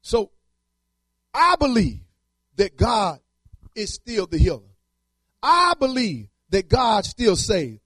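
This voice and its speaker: A man's voice: high-pitched, wildly swooping pitch, slow, long pauses, a bit bright, husky, dry recording. A man preaching a sermon in repetitive, rhythmic phrases and casual everyday speech.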